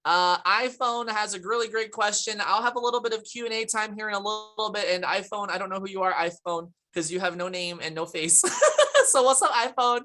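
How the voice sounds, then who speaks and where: Speaking briskly with hardly any pauses, a woman with a mid-range, bright, forceful voice hosts an upbeat live product presentation over a video call on a computer mic. She's chatty, laughs a lot, and gives shout-outs to chat viewers by name.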